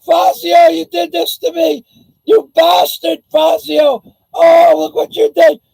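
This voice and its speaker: A whiny, over-the-top crybaby who wails and shouts about being wronged, as a man puts him on. The voice sits high and strained, sobbing in exaggerated bursts. It is recorded dry and close, with no room sound. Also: monotone, slow, gravelly, no echo, full character voice, low-quality recording. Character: mocking impression of a rival male YouTuber fake-crying.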